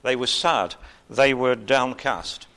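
Male preacher, chatty informal sermon, light humor, unhurried pauses. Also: mid-range voice. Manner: conversational, pauses with uh, gentle humor.

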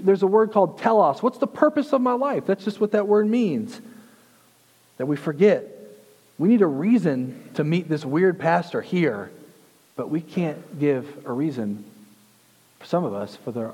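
A man's voice: on the high side, mellow, in a large hall. A man preaching a sermon as a pastor, teaching in a conversational way with frequent restarts and repeated words. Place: church sanctuary.

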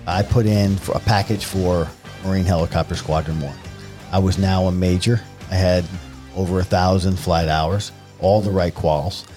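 A middle-aged man from New York, a podcast guest, telling stories in a vivid, animated way. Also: sits low, moderate pace, faint music behind. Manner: vivid, animated retelling with acted-out quotes. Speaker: guest, retired Marine helicopter pilot. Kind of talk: conversational storytelling.

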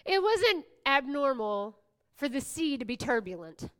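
A woman pastor preaching a sermon, swinging from hushed whispers to loud exclamations, with playful asides to the congregation. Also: sits high, big pitch swings, unhurried.

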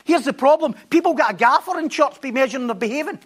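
A man preaching a sermon, telling a story with animated repetition and stumbling restarts. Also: extremely high pitch, fast talker.

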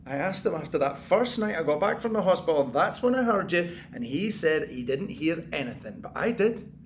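A man's voice: a little high, animated, brisk, slight background noise. A man playing a paranoid sleepless tenant. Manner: muttering, taunting, paranoid, bursts into angry shouts. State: exhausted and sleepless. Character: paranoid sleepless male tenant, bitter and unraveling. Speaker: sleepless tenant hearing noises in the walls. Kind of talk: audio drama monologue.

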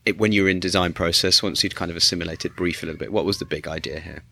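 Male podcast host, low and bright, dry close sound, rambling questions. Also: fairly even intonation, very fast, gravelly. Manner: long rambling questions with restarts. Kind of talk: interview questions.

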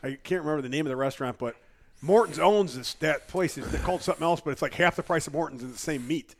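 A man's voice: on the high side, fast talker, dry recording. A man co-hosting a podcast, joking and telling laid-back stories in casual banter. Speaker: podcast co-host.

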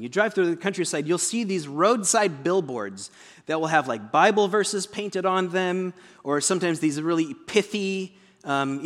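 A man preaching a sermon as pastor, conversational, breaking into booming dramatic quotations. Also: a bit bright. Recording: long hall reverb.

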